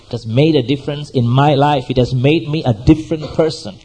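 A man's voice: medium pitch, steady tone, brisk, few pauses, warm tone, a little hiss or hum, low-quality recording. A man preaching a sermon as pastor, exhorting and repeating himself, often asking his listeners questions. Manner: exhorting, repetitive, asks the audience questions.

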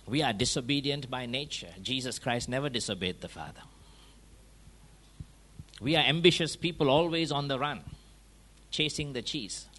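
A man preaching a sermon, driving his points home with rhetorical questions and quick checks like "huh?" and "yeah?", his volume rising and falling for emphasis. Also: mid-range voice, animated, fairly bright tone. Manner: emphatic, swings between raised and dropped volume.

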